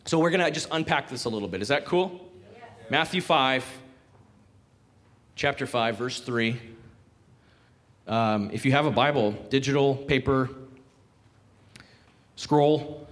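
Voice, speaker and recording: A man's voice: mid-range voice, measured pace, pauses often. A man preaching a sermon in a conversational way, acting out quotes and asking the congregation questions. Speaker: pastor. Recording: long hall reverb.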